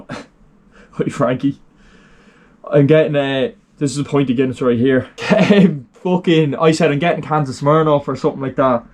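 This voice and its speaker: A man's voice: mid-range voice, a little mellow. Irish young man, rambling sweary vlog storyteller, unscripted. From Ireland. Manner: rambling, sweary, lots of fillers. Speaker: vlogger.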